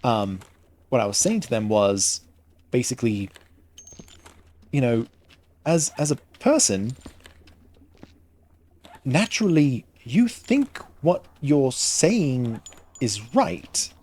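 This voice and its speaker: A man giving casual gameplay commentary into a headset, pausing often to find the next word. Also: medium pitch, big pitch swings, darkish tone. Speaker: gaming streamer.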